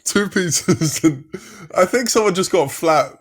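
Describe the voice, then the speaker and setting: A man's voice: sits high, expressive, measured pace. A man co-hosting a podcast, chatting casually with wry, teasing remarks. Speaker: podcast co-host.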